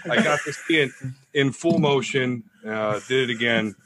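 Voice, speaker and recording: A man co-hosting a podcast on a microphone, rambling excitedly and interrupting himself. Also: medium pitch, moderate pace, background noise. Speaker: podcast co-host. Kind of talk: casual podcast chat.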